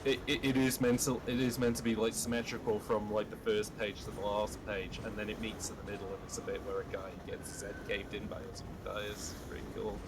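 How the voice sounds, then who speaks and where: Man, lowish voice, casual gaming chat, rambling, swearing, faint background hum. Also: a little fast, hardly any pauses. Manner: rambling, swears, animated storytelling. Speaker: streamer co-host.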